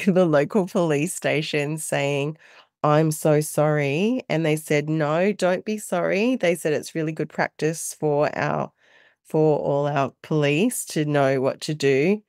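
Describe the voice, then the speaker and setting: A middle-aged Australian woman, a mother and carer, telling animated stories in a casual interview and laughing often. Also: sits low, measured pace, no room sound, studio quality.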